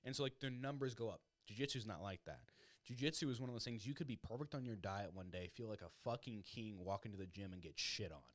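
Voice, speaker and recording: A young man hosts a podcast in a loose, animated chat and swears freely as he goes. His voice sits low, and he talks fast, the words tumbling out quickly. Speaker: podcast host. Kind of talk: casual chat.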